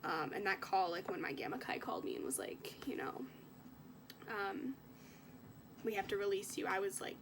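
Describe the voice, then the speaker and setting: Whispering in a mid-range voice with lively intonation, a young adult woman chats casually in a vlog at a moderate pace. She's sick and coughs now and then, using lots of fillers while telling an emotional story.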